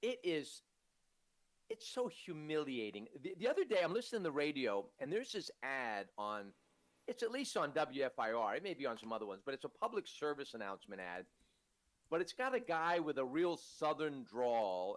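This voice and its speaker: A man co-hosting a political talk show, telling stories in an animated, indignant way. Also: fairly high pitch, normal speed. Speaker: co-host.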